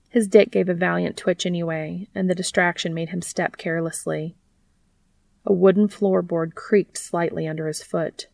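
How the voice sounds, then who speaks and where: Woman reading fanfic out loud, kinda low and gravelly, dry close sound. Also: no room sound. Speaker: narrator. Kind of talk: reading fan fiction aloud.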